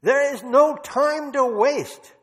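A man's voice: very high-pitched, big pitch swings, measured pace, fairly bright tone, pitched above the performer's own voice, heavily acted. A man imitating a bold elderly woman with a put-on Dutch accent, pleading urgently and insistently with God. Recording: long reverb of a large hall.

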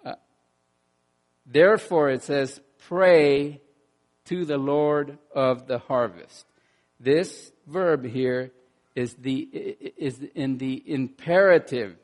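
A man preaching a sermon in an animated way, dropping to quiet asides and rising to loud bursts, often repeating words as he restarts. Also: mid-range voice, slow pace. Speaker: pastor.

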